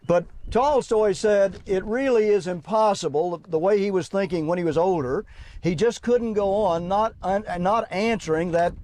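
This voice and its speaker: A man's voice: high-pitched, moderate pace, a little mellow. A man preaching to young people at an outdoor camp, reading quotes aloud and pressing rhetorical questions with emphasis.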